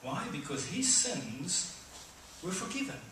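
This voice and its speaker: A middle-aged man preaching a conversational sermon, acting out voices with sudden loud high bursts. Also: very animated, measured pace, distant mic, a little hiss or hum. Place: church hall. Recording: echoey hall, speaker away from mic.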